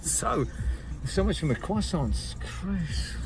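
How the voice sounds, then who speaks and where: A man's voice: high voice, expressive, slow pace, gravelly, very noisy. A Scottish man in his fifties, rambling casually to camera as a vlogger and often digressing. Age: 50s. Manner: rambling, digressive, keeps calling viewers "folks".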